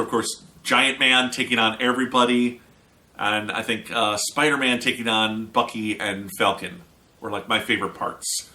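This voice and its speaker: Bright-voiced chatty male movie reviewer. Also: lowish voice. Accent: American. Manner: chatty, opinionated, sarcastic asides. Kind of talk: casual spoken review.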